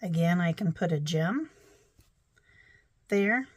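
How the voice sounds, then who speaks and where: A woman's voice: fairly low pitch, animated, takes it slowly, dry recording. A woman narrating her crafting casually, thinking aloud with chatty, self-deprecating asides.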